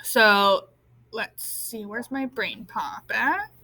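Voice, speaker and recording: A woman's voice: mid-range voice, lively intonation, drawn-out words, background noise. A woman teacher talking casually to her class on a video call, thinking aloud as she looks for a clip.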